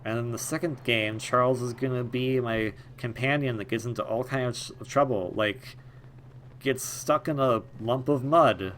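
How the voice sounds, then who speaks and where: A man's voice: mid-range voice, a little slow, fairly bright tone, slight background noise. Rambling jokey man on gameplay commentary. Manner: rambling, jokey tangents, shifts to mumbling asides. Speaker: gaming video host. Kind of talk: casual let's-play commentary.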